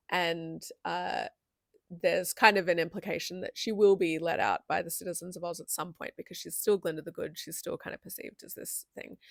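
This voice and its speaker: A woman's voice: fairly low pitch, gravelly, no echo, clean studio sound. A young adult woman giving a chatty, candid video essay with frequent asides.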